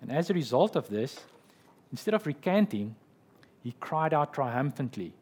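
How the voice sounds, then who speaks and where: A man's voice: medium pitch, big pitch swings, a little slow, a little mellow, slightly rough. A man preaching a sermon as pastor, explaining scripture and retelling a story in an explanatory way, often checking in with "okay" and "right".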